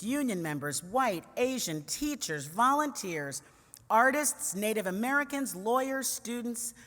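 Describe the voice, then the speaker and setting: A woman's voice: fairly high pitch, fairly bright tone. Witty woman telling stories in a big hall. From New York City. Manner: witty, conversational, with playful asides to the audience. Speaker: commentator and conference speaker. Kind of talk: humorous personal storytelling talk. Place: large conference hall. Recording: long reverb of a big hall.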